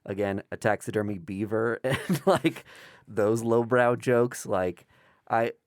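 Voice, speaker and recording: A man's voice: on the low side, slow, dry recording, clean studio sound. A man co-hosting a podcast, chatting casually and jokingly about comics, swearing now and then. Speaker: podcast co-host.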